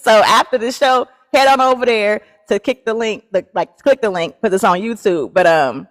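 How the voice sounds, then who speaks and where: A woman's voice: a little high, normal speed, big-room sound. A woman in her forties hosting a casual livestream, chatty and laughing often as she talks straight to her viewers. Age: 40s. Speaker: live show host.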